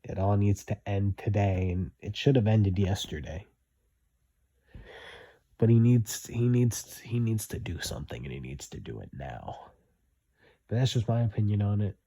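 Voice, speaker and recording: A man's voice: on the low side, lively intonation, moderate pace, dark tone, husky. A young man giving blunt, repetitive opinion commentary, hammering his points home.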